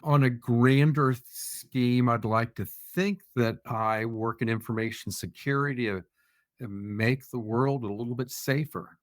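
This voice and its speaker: A man's voice: medium pitch, unhurried, no room sound, studio quality. A man speaking as a podcast guest, answering in an earnest, reflective way with light self-deprecating humor. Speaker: podcast guest, security officer. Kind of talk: conversational interview answers.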